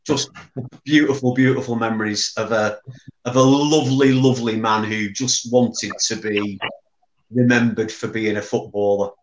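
Guy reminiscing, keeps restarting his words, mid pitch voice. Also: steady tone, roomy sound, highs cut off, a little hiss or hum. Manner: halting, repeats words while recalling. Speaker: memorial foundation chairman. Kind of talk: reminiscing anecdote.

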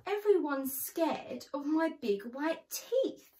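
A gentle, eager young shark from a children's storybook who just wants a friend, voiced by a woman. He pleads slowly, his voice swinging high and low with feeling. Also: lively intonation. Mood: sad.

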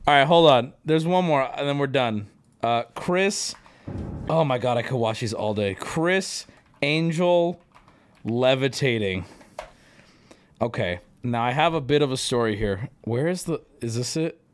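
A man hosting a live stream, reacting loudly to clips, swearing and laughing often as he talks to his chat. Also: medium pitch, expressive, measured pace, smooth. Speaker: streamer host.

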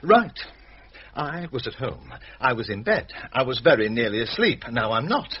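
A sardonic, weary village doctor. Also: male voice, mid-range voice, sing-song, moderate pace, husky, lo-fi sound. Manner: dry, sardonic and knowing. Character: weary, irritated middle-aged village doctor.

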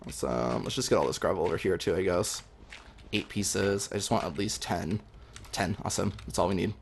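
A young man talking through his game as he plays, chatty and excitable, with lots of ums. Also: deep voice, brisk, vocal fry, a little hiss or hum. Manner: excitable, chatty, many fillers. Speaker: gaming video host. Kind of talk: live gameplay commentary.

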